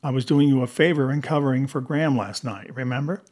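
A man's voice: mid-range voice, fast, darkish tone, natural voice. A man doing a weary young detective. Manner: weary, dry. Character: tired, wry young male detective.

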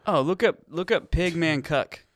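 A man's voice: fairly high pitch, a little slow. A man co-hosting a crude comedy podcast, telling rambling, profane stories with sudden outbursts. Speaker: podcast co-host.

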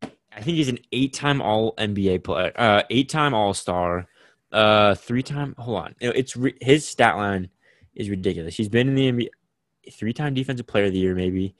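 A man's voice: lowish voice, moderate pace, no echo. A young man co-hosting a podcast, chatting casually about basketball with lots of "like" fillers. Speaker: podcast co-host. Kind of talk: casual sports chat.

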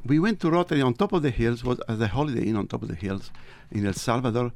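A man with a Tuscan Italian accent, a native Italian speaker, telling stories as an interview guest with animated delivery and wide swings in pitch. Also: fast. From Italy. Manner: animated, big pitch swings, acts out dialogue. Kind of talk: interview storytelling.

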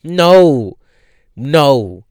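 A man telling a funny personal story in a casual, animated way, laughing often and using slang and swearing. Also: on the high side, very slow, clean tone, no room sound, clean studio sound.

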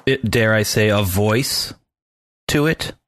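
A man's voice: on the low side, slow, fairly bright tone, dry recording. A man on a casual podcast, teasing his co-host with dry humor while asking questions.

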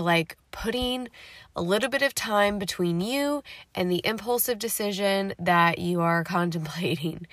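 A woman's voice: medium pitch, gravelly, a bit bright, dry recording. Woman podcast host, tired, chatty, upbeat, very dry close sound. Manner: chatty and upbeat, playful slang. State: tired, yawning. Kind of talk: casual solo podcast talk. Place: dark home garage.

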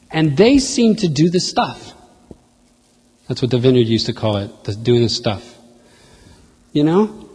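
A man preaching a sermon in a conversational, animated way, addressing the congregation directly. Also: mid-range voice, breathy edge. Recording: long hall reverb.

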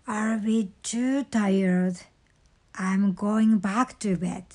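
A woman's voice: medium pitch, drawn-out words, darkish tone. A woman voicing a sleepy, grumpy male toad in a storybook read-aloud, grumbling and drowsy.

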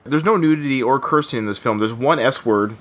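A man's voice: medium pitch, fairly quick, a bit bright. A man hosting a podcast, chatting casually about a film and acting out scenes as he recounts them. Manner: chatty, laughing, acts out quotes. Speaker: podcast host.

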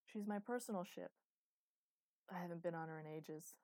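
A calm older man speaks in a gruff, understated way, as a woman reads him out. His voice sits low and close, with a dry, dead sound around it. He never raises it, keeping every line level and plain. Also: moderate pace, no room sound, natural voice. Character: older male pilot guildmaster, calm and understated.

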